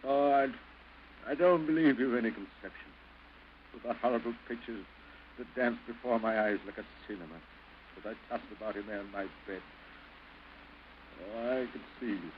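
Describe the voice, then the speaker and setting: A man's voice: mid-range voice, normal speed, pauses often, muffled recording, natural voice. An actor playing a bitter husband who coldly refuses his estranged wife, with theatrical early film outbursts, on an old hissy soundtrack. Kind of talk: early 1930s film acting.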